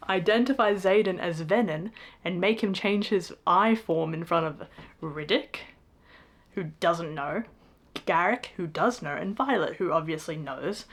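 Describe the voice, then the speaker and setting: A young woman reviewing a book in a casual rant, exasperated and sarcastic, swearing freely. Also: medium pitch.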